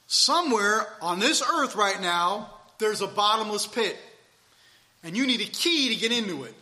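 A man preaching a sermon and reading scripture aloud, emphatic, swinging between loud and soft delivery. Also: high voice, animated, moderate pace.

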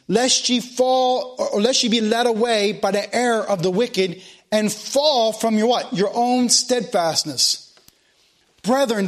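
A man preaching a sermon, asking the congregation questions and reading scripture aloud. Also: high-pitched. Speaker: pastor.

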